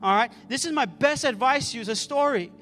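A man's voice: extremely high pitch, fairly quick, a bit bright. A man preaching a sermon as pastor, calling out to the congregation and often repeating words as he restarts a phrase. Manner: fervent, calls out to the congregation.

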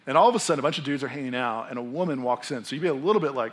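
A man's voice: on the high side, fast, hardly any pauses. A young adult man, a pastor preaching a sermon in a casual, conversational way, acting out the people in his story. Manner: animated, conversational, acts out characters.

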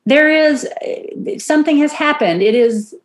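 A woman's voice: high voice, unhurried. A woman co-hosting a podcast, talking casually and reflectively, laughing easily. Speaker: podcast co-host. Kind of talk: casual chat.

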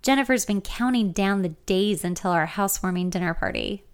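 A woman's voice: mid-range voice, fairly quick, clean tone. Young woman narrating her own story, wry and chatty, easygoing. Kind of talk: first-person story reading.

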